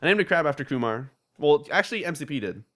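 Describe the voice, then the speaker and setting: A young man hosting a casual gaming podcast, telling animated stories with lots of swearing and laughter. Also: a little high. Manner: fast, animated storytelling with frequent swearing and laughter. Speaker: podcast host.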